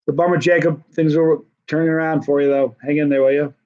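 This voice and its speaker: A man's voice: fairly high pitch, steady tone, fast talker, darkish tone, muffled recording. Chatty man hosting a live stream. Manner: rambling, full of restarts and fillers, chatty. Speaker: hot-pepper challenge channel host. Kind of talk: casual live-stream chat reading viewer comments.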